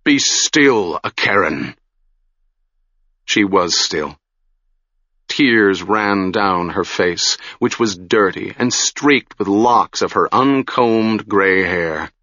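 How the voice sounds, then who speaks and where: A man narrating a fantasy audiobook in a measured, deliberate storytelling manner. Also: on the low side, sharp tone, dry recording, dull audio.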